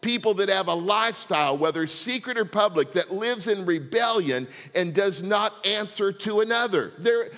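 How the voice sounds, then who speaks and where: A man's voice: high-pitched, animated, moderate pace, hardly any pauses, bright, forceful tone. Man preaching in a reverberant hall. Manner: conversational preaching, asks the congregation for responses. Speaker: pastor. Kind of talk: sermon.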